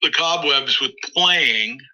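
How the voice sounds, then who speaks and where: A man with a very bright, forward voice tells stories in a rambling way, restarting his phrases often. He speaks as a musician guest in a casual interview. The sound is slightly dull and lo-fi. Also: mid-range voice, slow pace. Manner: rambling anecdotal, frequent restarts and acted quotes. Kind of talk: interview storytelling.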